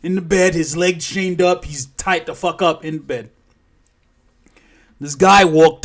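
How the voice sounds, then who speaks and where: A man recounts a story in a loose, unscripted way, swearing freely. He wanders and corrects himself as he goes, in a voice pitched somewhat high for a man. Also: steady tone, slow, pauses often, fairly bright tone. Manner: profane, rambling, self-correcting. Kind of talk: casual spoken storytelling.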